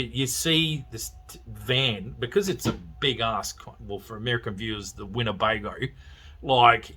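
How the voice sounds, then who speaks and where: Animated, sweary Australian man. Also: mid-range voice, breathy edge. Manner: animated, sweary, laughs often. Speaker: podcast host. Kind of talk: casual film review chat.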